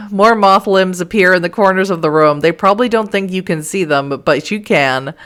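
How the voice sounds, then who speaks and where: A woman's voice: mid-range voice, normal speed, a bit bright. A woman streamer reading a game's text aloud, with exasperated asides. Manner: dramatic reading broken by exasperated asides and laughs. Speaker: let's play streamer.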